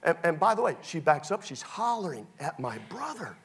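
A male pastor preaching a sermon through personal stories, swinging between loud excited bursts and hushed confessions. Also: on the high side, moderate pace, breathy edge.

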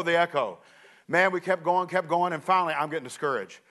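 Male preacher, middle-aged, high-pitched, animated storyteller who acts out voices. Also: fast talker. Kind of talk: sermon illustration.

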